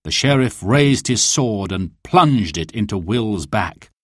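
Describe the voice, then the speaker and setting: A man reading a storybook aloud as narrator, in a slow and expressive way. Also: lowish voice, breathy edge, dry recording, studio quality.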